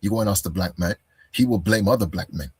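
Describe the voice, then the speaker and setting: With a deep, slightly rough, somewhat mellow voice, a man talks fast in an argumentative reaction to a video, confronting the person directly, calling him "bro," and firing off rhetorical questions. The recording is dry.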